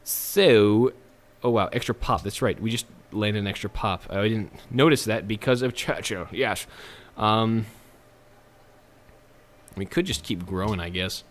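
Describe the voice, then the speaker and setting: A man's voice: lowish voice, a little slow. A man giving casual, chatty gameplay commentary as a let's play host, with jokes and self-mocking asides.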